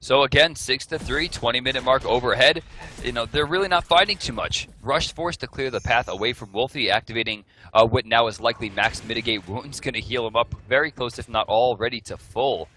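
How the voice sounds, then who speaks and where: Bright-voiced male esports caster. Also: medium pitch, a little fast, a little hiss or hum, poor audio. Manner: analytical, joking banter with co-caster. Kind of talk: play-by-play commentary.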